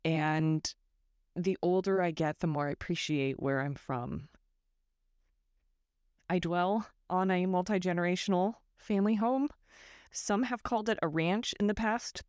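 A woman from Northern California talks alone into a close microphone for her podcast, her voice sitting low and even. She muses thoughtfully, wanders off on tangents and teases herself along the way. The recording is dry, with no room sound around her. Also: no echo. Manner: thoughtful, self-deprecating, digressive. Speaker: podcast host. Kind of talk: reflective solo podcast monologue.

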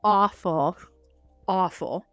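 Animated woman podcast co-host. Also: on the low side, very slow, no room sound, faint music behind. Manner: animated retelling with acted-out quotes and swearing. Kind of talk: casual book review chat.

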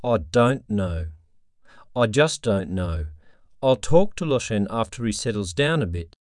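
A man's voice: fairly low pitch, expressive, unhurried, no room sound, studio quality. A man reading the lines of a bewildered, grieving father in a subdued, shaken way.

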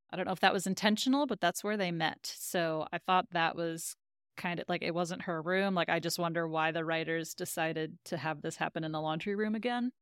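A woman's voice: mid-range voice, fairly bright tone, smooth, no room sound, clean studio sound. A woman co-hosting a podcast, casually recapping an episode and retelling scenes in quoted lines. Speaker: podcast co-host.

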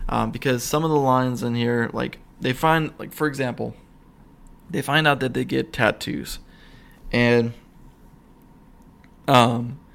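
A young man hosting his own podcast, rambling excitedly with lots of fillers and restarts. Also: mid-range voice, creaky. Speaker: podcast host. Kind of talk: casual solo podcast rant. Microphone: single mic, podcast.

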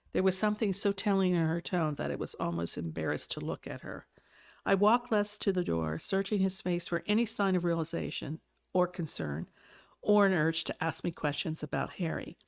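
A woman's voice: on the low side, normal speed, creaky. A woman podcast host reading a novel aloud with expression and small self-corrections, then chatting casually about it. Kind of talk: audiobook-style reading, then casual chat.

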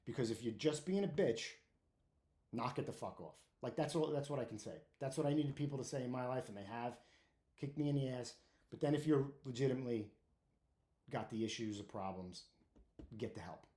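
A man's voice: medium pitch, brisk, dark tone. A middle-aged man, a former firefighter, giving blunt, profane tough-love advice in a casual monologue, often restarting and trailing off as he recalls things. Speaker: podcast host, former firefighter. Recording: echoey room.

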